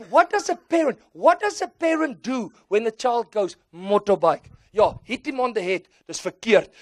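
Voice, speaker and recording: South African man preaching an animated sermon. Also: very high-pitched, no room sound, studio quality. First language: Afrikaans. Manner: animated storytelling, acting out voices and mixing in Afrikaans phrases.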